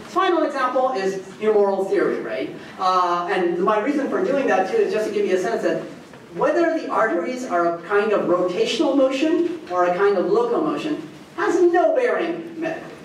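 Male professor lecturing, lively swooping delivery, heard from a distance in a room with heavy echo and faint room noise. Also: high-pitched, normal speed. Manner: animated, acts out quoted arguments, asks "right?" often. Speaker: history professor giving a guest lecture. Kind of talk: academic lecture. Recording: very echoey lecture room, mic far off.

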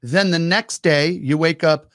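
A man co-hosting a casual business talk, telling lively stories and acting out his own quoted thoughts. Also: fairly high pitch, measured pace, no echo, clean studio sound. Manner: animated storyteller, acts out quoted thoughts. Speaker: podcast co-host.

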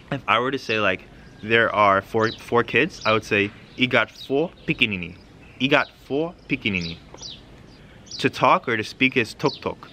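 Bright-toned man teaching vocabulary casually. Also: on the low side, slight background noise. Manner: relaxed, repeats words slowly with fillers. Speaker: language teacher.

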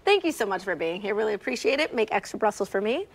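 A woman's voice: mid-range voice, sing-song, quick pace. A woman hosting a midday TV show, chatting playfully and eagerly with a guest in a studio. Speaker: TV show host. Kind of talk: lively studio chat.

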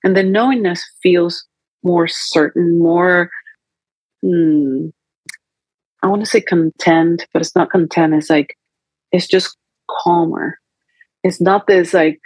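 A woman's voice: on the low side, unhurried, long pauses, darkish tone, breathy edge, dry recording, poor audio. A woman holistic coach talking through feelings as a podcast guest, reflective and acting out inner dialogue. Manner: reflective, acts out inner dialogue in quoted voices. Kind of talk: conversational coaching talk.

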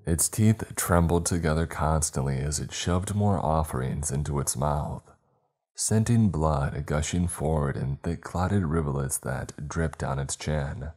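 A man narrating a scripted horror story in a steady, measured way. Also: rumbling low.

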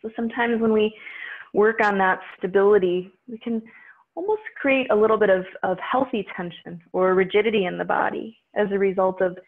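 A woman's voice: mid-range voice, brisk. Woman guiding yoga over tinny audio. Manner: calm, instructive cueing of breath and poses. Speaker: yoga instructor. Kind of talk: guided yoga class.

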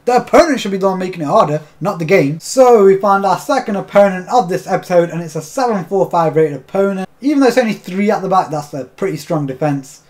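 A young man commentating his own football video game match, swearing often and bursting into shouts at the game. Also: high voice, lively intonation, fast, hardly any pauses. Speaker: gaming YouTuber. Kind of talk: live gameplay commentary.

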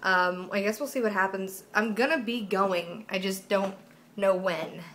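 A woman's voice: mid-range voice, measured pace, a bit bright. A young woman vlogging casually at home by a white wall, chatty and rambling with giggles and free swearing, recorded on a camera mic. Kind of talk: casual vlog chat.

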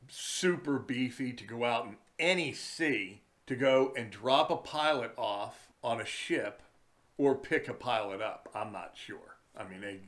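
A man's voice: mid-range voice, a bit bright. A man who runs fishing charters, telling wry stories in a chatty, casual vlog from his den indoors. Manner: slow, chatty, wry storytelling.

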